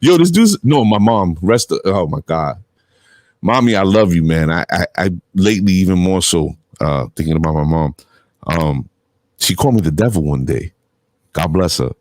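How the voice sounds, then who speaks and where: A middle-aged man whose voice sits low hosts a relaxed call-in chat at normal speed on a dry recording. His stories are animated, punctuated by frequent laughs and free swearing.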